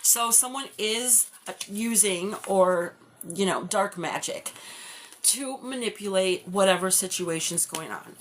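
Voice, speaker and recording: A woman's voice: medium pitch, a little slow, a bit bright, a little hiss or hum. A woman giving a live-stream tarot reading, talking in a loose, rambling way full of "like" and "you know". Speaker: tarot reader.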